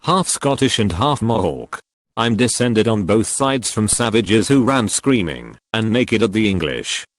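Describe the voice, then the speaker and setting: A man narrating a series of online forum posts as scripted readings, in a lively, up-and-down delivery. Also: fairly low pitch, measured pace.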